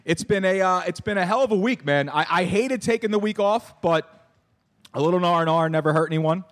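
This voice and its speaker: A man rattles along at high speed in a slightly high voice as he hosts a sports podcast from a bar. He rambles, doubles back on his words and fills the gaps with filler sounds. The talk is loose and casual. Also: brisk. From Philadelphia. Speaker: podcast host.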